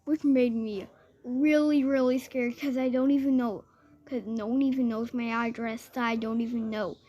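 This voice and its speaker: A woman's voice: a little high, fairly even intonation, normal speed, dark tone, dull audio. A woman telling an improvised scary story in a rambling way, quoting everyone with "I was like".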